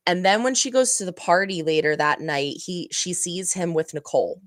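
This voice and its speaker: A woman's voice: fairly low pitch, moderate pace, few pauses, no room sound, clean studio sound. A woman hosting a reaction channel, giving a chatty, rambling recap that corrects itself as she goes. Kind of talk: casual recap of a TV episode.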